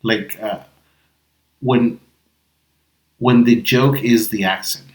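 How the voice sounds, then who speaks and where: A man's voice: medium pitch, fairly even intonation, takes it slowly. A man co-hosting an improv podcast who learned English as a second language, reasoning aloud earnestly with a few restarts. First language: not English. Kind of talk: casual discussion. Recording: echoey room.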